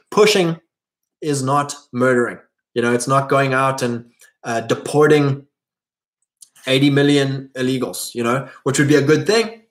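A man hosting his own video, delivering a blunt, provocative, preachy monologue. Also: fairly high pitch. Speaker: video host. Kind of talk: monologue to camera.

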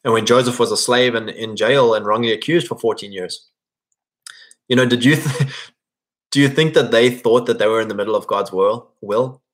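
A man's voice: mid-range voice, moderate pace. A man giving a casual, earnest sermon who urges his listeners on and acts out quoted prayers. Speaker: Christian speaker.

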